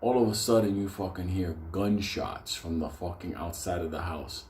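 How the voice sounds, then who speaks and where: A man telling a comedic story from his own life in a profane, animated way, laughing often. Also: sits low, moderate pace, slight background noise. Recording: roomy echo.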